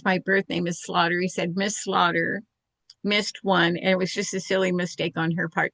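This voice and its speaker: A woman's voice: lowish voice, gravelly, a bit bright, no room sound. An older woman telling a personal story in a candid, self-deprecating way, laughing now and then.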